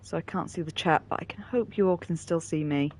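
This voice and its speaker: A woman's voice: fairly low pitch, fairly quick, darkish tone, slight background noise. A woman streaming a game and making dry, sardonic comments. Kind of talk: casual live commentary while playing.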